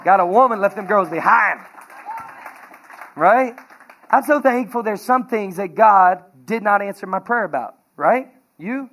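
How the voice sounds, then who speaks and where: A man preaching a sermon as pastor, energetic and conversational, telling everyday stories with laughter. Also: sits high, a little slow, long pauses.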